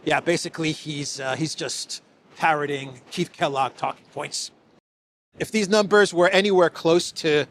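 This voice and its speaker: A man's voice: on the high side, fairly bright tone, slight background noise. A man giving casual solo political commentary, sarcastic and chuckling, with frequent restarts.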